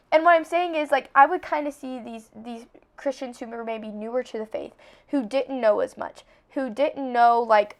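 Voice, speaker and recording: Young woman, podcast host, slightly high voice, earnest and chatty faith talk. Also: normal speed. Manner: chatty, earnest, heavy use of "like".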